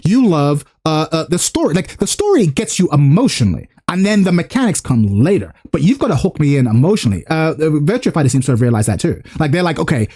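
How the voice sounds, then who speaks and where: A man in excited casual chat about fighting games, swearing often and laughing a lot. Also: fairly high pitch, quick pace, few pauses, slightly rough. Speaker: gaming commentator.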